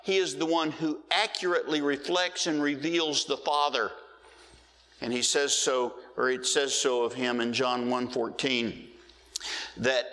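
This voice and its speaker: A man's voice: medium pitch, bright, forceful tone. Emphatic male pastor preaching in a reverberant hall. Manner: emphatic preaching with slow, drawn-out key words. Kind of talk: sermon.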